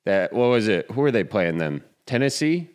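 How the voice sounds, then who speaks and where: Low, smooth-voiced man hosting a podcast. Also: normal speed. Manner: jokey, rambling, lively. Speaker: podcast host. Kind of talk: casual chat.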